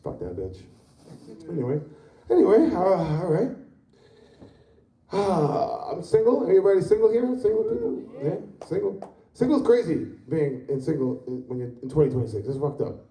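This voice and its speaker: A man's voice: fairly high pitch, sing-song, normal speed, warm tone, reverberant, far from the mic. A fifty-year-old man doing a rambling, profane stand-up set in a comedy club. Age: 50s.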